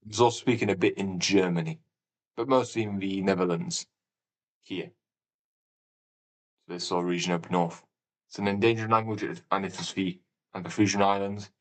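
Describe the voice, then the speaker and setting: While playing a game on a live stream, a man chats casually and rambles through his thoughts, breaking out in sudden exclamations. He has a lowish voice, and the recording is low quality.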